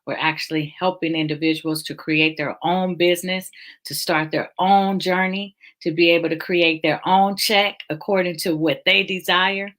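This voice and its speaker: A woman's voice: lowish voice, fairly even intonation, moderate pace, a bit bright. A woman hosting a casual online talk about faith, emotional and encouraging, speaking over a video call. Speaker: host. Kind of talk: casual chat.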